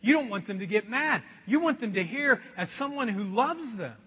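Animated preaching man in a reverberant hall. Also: very high voice, moderate pace, slightly rough. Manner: animated, conversational preaching with acted-out voices. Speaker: pastor. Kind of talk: sermon. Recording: dull sound with long hall reverb.

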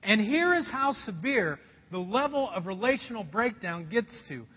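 A high-sitting male voice with big pitch swings and a breathy edge moves at a moderate pace. He is an Indiana pastor preaching, earnestly telling a personal story and addressing folks. The sound is dull and soaked in long hall reverb.

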